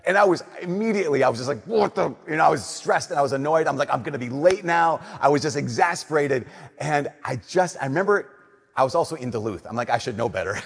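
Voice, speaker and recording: A young adult man giving a sermon, telling animated stories and swinging between loud emphasis and soft, slow lines. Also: fairly high pitch, breathy edge. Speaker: Catholic priest. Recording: long reverb of a church.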